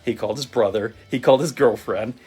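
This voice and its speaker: A man telling a motivational story in a vivid, animated storytelling manner. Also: medium pitch, fast talker, husky. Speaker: motivational speaker. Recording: faint guitar music behind. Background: soft guitar music.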